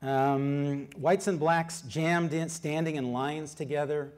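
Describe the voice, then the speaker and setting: Speaking at a fairly high pitch, a middle-aged man gives a public lecture on history as an author. He keeps things chatty and animated, asking the audience questions and often stopping to use fillers along the way.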